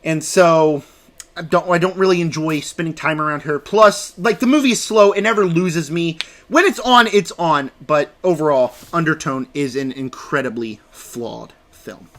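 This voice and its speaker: Bright, high-voiced young man reviewing movies. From United States. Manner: animated, rambling, acts out scenes in quick impressions. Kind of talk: casual movie review vlog.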